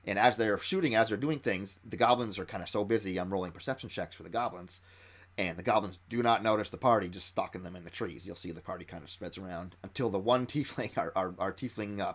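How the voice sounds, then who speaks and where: Man, game master, breaks down his encounter design, rapid excited delivery with restarts, lowish voice. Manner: excited storytelling with frequent restarts.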